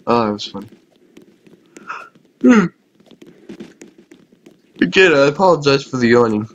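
A man's voice: mid-range voice, expressive, fast talker, a bit bright, muffled recording. A man giving casual, self-mocking let's-play commentary on a game, talking to viewers and laughing often. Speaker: gaming YouTuber.

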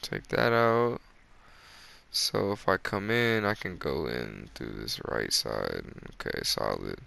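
Gravelly, bright-voiced hyped gamer man. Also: rumbling low, takes it slowly. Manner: excitable, boastful, hyped bursts and breathy asides to viewers. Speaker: gaming video creator. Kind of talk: live gameplay commentary. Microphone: close desk microphone.

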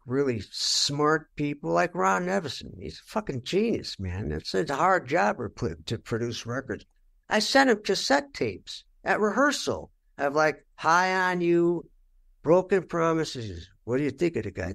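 A man's voice: a little high, gravelly, fairly bright tone. An older man giving a candid interview, telling stories bluntly and with a lot of swearing, and acting out what he said back then. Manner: blunt, profane, acts out his own past remarks. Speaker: rock guitarist interviewed.

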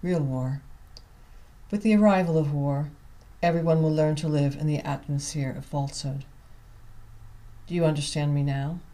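A man's voice: fairly high pitch, fairly even intonation, moderate pace, dark tone, lightly acted. A man reading as a grave, methodical Frenchman.

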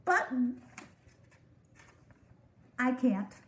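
A gentle, kind male songbird, read aloud by a woman. His voice is soft and high in a storybook telling. The reading room rings with echo. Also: big pitch swings, very slow, slight background noise, exaggerated voice. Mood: apologetic. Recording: echoey room.

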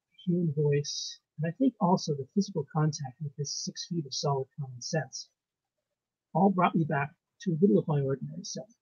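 A man reading his ghost story aloud with a measured, suspenseful delivery and pauses. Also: a little high, a little mellow, slightly rough, dry recording. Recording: muffled lo-fi recording.

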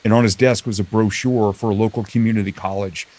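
An American man, a motivational speaker and comedian, telling stories as an interview guest with lively acted-out quotes over a video call. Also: on the low side, quick pace. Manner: animated storyteller, acts out quoted lines. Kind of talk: storytelling interview chat.

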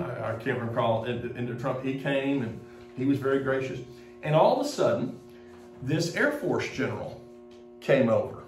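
A man, a pastor from Mississippi, telling a halting, rambling story in a sermon with many restarts. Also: mid-range voice. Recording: roomy echo, distant from the mic, faint music.

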